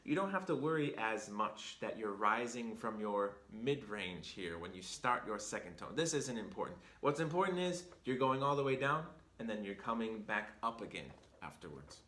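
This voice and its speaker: Brief: male language teacher, bright tone, patient explainer, echoey room. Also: lowish voice, very animated, moderate pace, few pauses. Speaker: Chinese teacher and host. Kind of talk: video lesson explanation. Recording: roomy echo.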